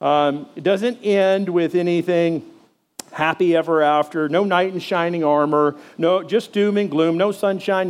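A man preaching a sermon in a fairly high voice. He reads the verses aloud with small fillers and restarts. Between them he turns to his listeners with plain, conversational questions. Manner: fillers and restarts while reading scripture aloud. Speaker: pastor.

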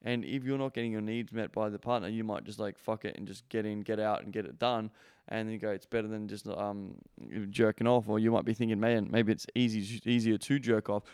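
A man's voice: on the low side, fairly even intonation, a little fast, a little mellow, clean tone, dry recording, clean studio sound. A young adult man hosting a podcast, giving casual advice in a blunt, profane way with lots of fillers. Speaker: podcast host.

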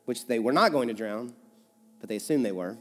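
A male pastor with a Kentucky accent preaching a conversational sermon, swinging between emphatic loud stretches and hushed ones. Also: medium pitch, lively intonation, fairly quick. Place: church sanctuary. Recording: church hall reverb with soft music.

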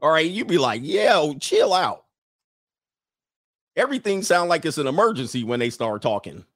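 A man's voice: fairly high pitch, sing-song, fast, a bit bright, no echo, studio quality. A man hosting a livestream who goes on a casual, joking rant, laughs often, talks in loose slang and reads out viewer comments. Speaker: livestream host addressed as Coach.

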